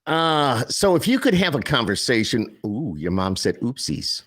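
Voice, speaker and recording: A man's voice: medium pitch, sing-song, moderate pace, a bit bright. Jokey rambling male podcast host. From Northeast US. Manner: jokey, rambling, lots of "uh" asides. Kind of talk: casual interview chat.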